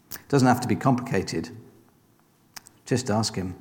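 A man's voice: on the low side, a little slow, big-room sound. A man preaching a sermon, conversational and encouraging, with frequent rhetorical questions.

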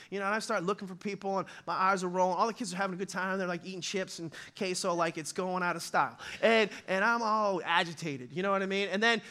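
A middle-aged male pastor preaching with a high, bright and forceful voice. He talks in a loose, conversational way, full of restarts and asides, and acts out quick voices in his stories. His sermon is delivered live in a church. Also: fairly even intonation.

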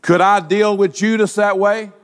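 A male pastor delivering a sermon, asking rhetorical questions and using dramatic pauses. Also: high voice, steady tone, smooth, in a large hall.

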